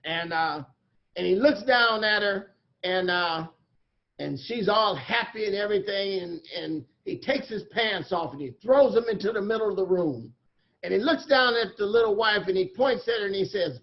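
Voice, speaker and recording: A man's voice: high-pitched, moderate pace, dull audio. A man giving a guest talk at a recovery meeting, telling jokes and stories in a folksy, earnest way over a video call. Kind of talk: storytelling talk.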